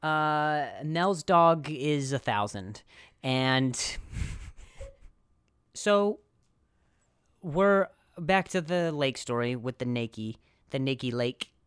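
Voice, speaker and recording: A young man talks loosely into the mic, wandering off on jokey tangents and restarting his sentences as he tells a story. His voice sits at an ordinary middle pitch. The sound is dry and close, with almost no room around it. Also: animated, slow pace, fairly bright tone, clear, resonant tone, dry recording. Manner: rambling, jokey, full of restarts and asides. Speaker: podcast host. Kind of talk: casual comedic podcast chat.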